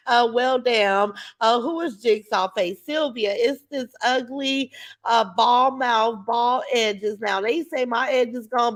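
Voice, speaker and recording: A woman's voice: a little high, fairly bright tone. A middle-aged woman hosting a casual livestream, reading viewers' comments aloud and answering them bluntly and with plenty of profanity. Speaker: livestream host reading chat.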